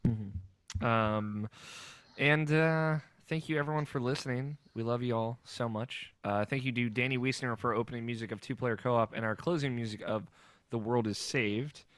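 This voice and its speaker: A man's voice: mid-range voice, normal speed, a bit bright, no room sound. A man hosting a podcast in casual chat, loose and joking, laughing often. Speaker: podcast host.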